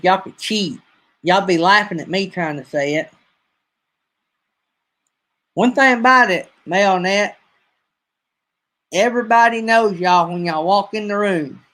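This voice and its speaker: High-pitched, bright, and forceful, this man's voice carries a Southern accent from North Alabama. In his fifties, he hosts a casual livestream and rambles in a folksy way with his viewers.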